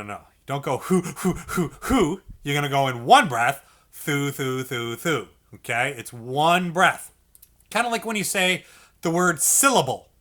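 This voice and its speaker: This music teacher's voice sits fairly high and sounds pushed and bright. In an instructional video, he walks a beginner through clarinet basics with patience and encouragement, saying "okay" and "all right" as he goes and singing syllables to show the notes.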